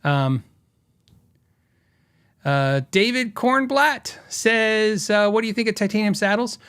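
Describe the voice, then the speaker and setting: A man's voice: high-pitched, takes it slowly, a bit bright, clean tone. A middle-aged man hosting a podcast, telling a rambling story with many fillers and acted-out quotes. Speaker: podcast host and guitar shop owner.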